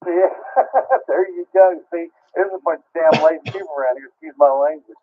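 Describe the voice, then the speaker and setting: A man's voice: fairly high pitch, expressive, normal speed. A man checking in to an amateur radio net, chatting in an easygoing, self-deprecating way. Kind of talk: casual radio chat. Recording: tinny radio transmission.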